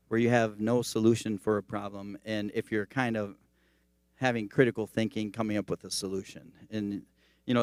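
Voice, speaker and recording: A man's voice: mid-range voice, no echo, clean studio sound. A male teaching pastor giving a sermon in a conversational, storytelling manner. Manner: conversational, animated storytelling preaching.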